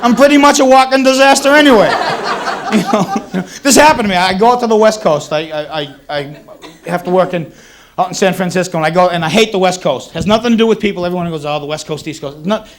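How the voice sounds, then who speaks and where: A high voice, moving a little fast, belongs to a stand-up comedian in his thirties from the Boston area. He pokes wry fun at himself on a club stage as the audience laughs, in a 1980s cable TV recording with crowd laughter.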